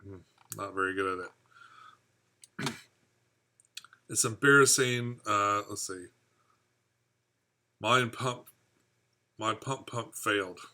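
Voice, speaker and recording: A man's voice: on the low side, takes it slowly, pauses often, bright, forceful tone. A man from the United States hosting a casual live stream about his aquarium hobby. He rambles and chats while answering viewer comments. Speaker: aquarium hobby channel host.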